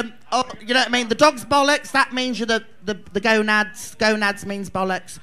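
A man's voice: very high voice, fairly even intonation, moderate pace, hardly any pauses, bright, forceful tone. A man in his thirties with an English Midlands accent, a drag queen chatting bawdily and rambling as he answers audience questions at a live viewing party. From England. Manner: bawdy, rambling, laughing often.

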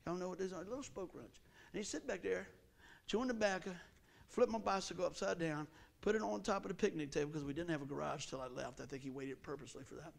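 Middle-aged pastor, high and gravelly, animated storytelling sermon, does the sound effects himself. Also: male voice, fast talker. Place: church sanctuary.

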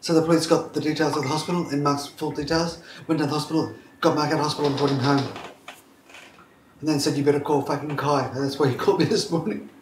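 A man's voice: on the high side, fairly even intonation, fast talker. A man speaking candidly from his bed in a documentary, blunt and prone to swearing, his speech effortful. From Australia. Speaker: documentary subject. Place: indoors, lying in bed. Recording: echoey room with faint noise.

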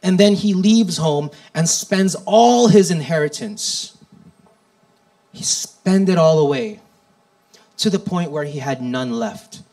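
Slow, deliberate male preacher. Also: on the high side, animated, a little mellow, rough recording. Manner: slow, deliberate delivery with dramatic rises and drops. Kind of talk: sermon.

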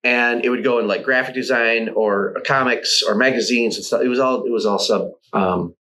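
A man's voice: mid-range voice, steady tone, normal speed, pushed and bright, poor audio. A middle-aged man, a guest artist, telling long anecdotes in a casual interview, swearing and laughing often.

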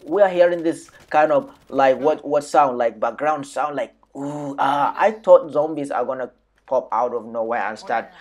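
Husky, hyped man narrating gameplay. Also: mid-range voice. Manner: rambling, hyped, lots of fillers. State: slightly hoarse from shouting. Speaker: gaming channel host. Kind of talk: excited gameplay commentary voice-over. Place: home bedroom.

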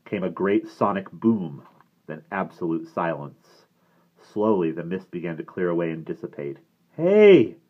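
A man narrating a novel aloud in a steady, expressive manner. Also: sits low, normal speed. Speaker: reader. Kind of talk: audiobook reading. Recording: tinny phone-like sound.

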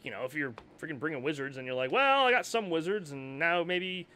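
A man co-hosting a casual tabletop gaming podcast, playful and excitable, reading out game rules. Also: on the high side, a little fast. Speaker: podcast co-host.

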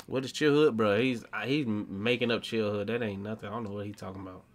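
A man's voice: on the low side, fairly even intonation, fast, few pauses. A young adult man giving casual gaming commentary, slangy and talking back to the game's characters. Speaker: gaming streamer.

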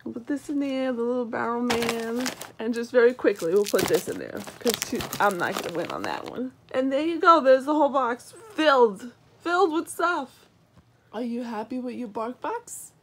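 A woman's voice: very animated, normal speed, background noise. Sleepy young woman in sing-song baby talk. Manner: high sing-song baby talk to her dog, then sleepy asides. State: just woken up, yawning. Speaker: vlogger. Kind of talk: casual unboxing vlog.

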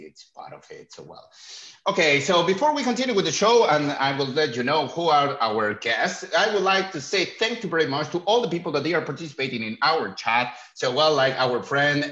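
A man hosting a live online show, thanking chat participants in loose, halting phrasing full of fillers. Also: medium pitch, a bit bright. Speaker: show host. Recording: roomy, dull lo-fi online stream.

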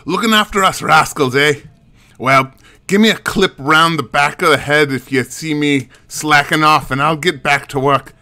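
A man voicing a brawny, boisterous male monster hunter in a put-on Scottish accent with a gruff, loud brogue. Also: fairly high pitch, moderate pace. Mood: hearty.

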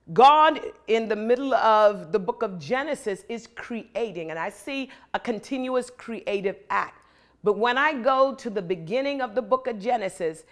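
A middle-aged woman preaching a motivational sermon in an emphatic, rhythmic way with repeated phrases. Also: on the high side.

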